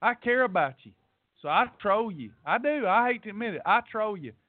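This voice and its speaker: Hosting a weight loss podcast, a man rants bluntly in a high, animated voice, speaking a little fast with no room sound but tinny, phone-like audio. His preachy motivational tirade scolds listeners and repeats points for emphasis.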